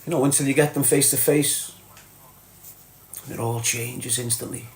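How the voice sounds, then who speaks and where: A man's voice: mid-range voice, steady tone, moderate pace, roomy sound, a little hiss or hum. A man with a Scouse accent from Liverpool, hosting a live stream and chatting bluntly to viewers, reading out comments and swearing freely. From Liverpool, England. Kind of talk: casual live chat.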